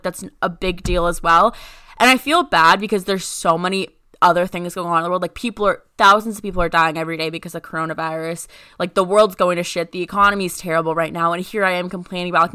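In a clean studio recording with no room sound, a podcast co-host, a young woman, rambles through a story in casual conversation and leans heavily on "like." Her pitch sits fairly low, and her tone is sharp yet clean.

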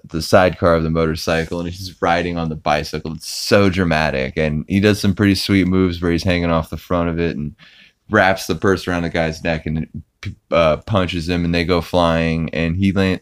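A man's voice: deep voice, flat delivery, moderate pace, smooth, dry recording. A young man hosting a podcast, recapping a cartoon episode in a rambling way full of fillers and restarts. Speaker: podcast host.

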